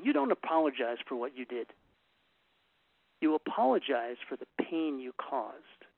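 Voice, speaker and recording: A middle-aged man speaks with emphatic earnestness and a lively, swooping delivery. His voice has a gravelly edge and sits a little high for a man. It comes through tinny and phone-like, as if over radio. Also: no room sound. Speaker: relationship speaker. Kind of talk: talk to a group.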